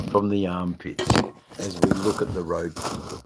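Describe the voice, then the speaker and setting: A man's voice: deep voice, little pitch movement, measured pace, noisy background. A man hosting his own live stream, rambling in a crude, jokey way with lots of ums and laughs. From Australia. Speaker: livestream host. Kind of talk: casual live-stream chat.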